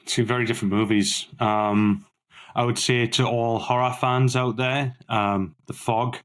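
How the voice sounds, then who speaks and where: A man co-hosting a casual film-review podcast, talking with enthusiasm and repeating words when excited. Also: mid-range voice, measured pace. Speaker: podcast co-host.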